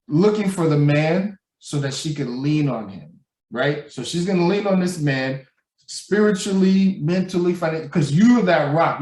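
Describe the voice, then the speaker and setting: A man's voice: a little high, recorded from a distance. A man co-hosting a casual podcast, talking animatedly and acting out people he quotes. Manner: animated, acts out quoted voices, laughs loudly. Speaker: podcast co-host. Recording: echoey room, voice a bit off mic.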